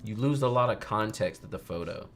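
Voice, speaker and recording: Animated young man ranting casually. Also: on the low side, fairly quick. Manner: animated, ranting, mimics others. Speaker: photographer teaching photo editing. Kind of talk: casual livestream chat while editing.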